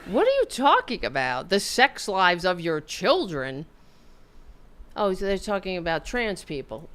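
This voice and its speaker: A woman hosting a political podcast rants angrily in a mid-range voice with huge pitch swings and a slightly slow pace. Her commentary is profane and repetitive, with lots of restarts.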